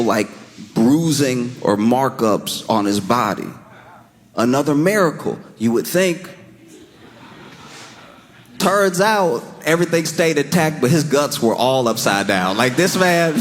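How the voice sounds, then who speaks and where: A man doing stand-up comedy, telling a story in an animated, exaggerated way, often breaking into laughter. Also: on the high side.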